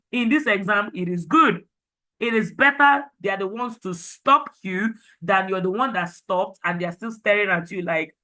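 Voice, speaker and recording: Brief: Nigerian woman teacher, chatty and upbeat, with a tense, bright edge. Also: medium pitch, moderate pace, low-quality recording. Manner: lively, chatty and encouraging, mixing in pidgin. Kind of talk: online class lecture.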